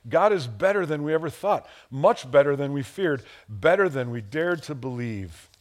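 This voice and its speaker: A male pastor from the Chicago area preaching a sermon, animated and playful, acting out quotes and chuckling at his own asides. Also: moderate pace. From Chicago area, USA. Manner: animated, acts out quotes with big pitch jumps.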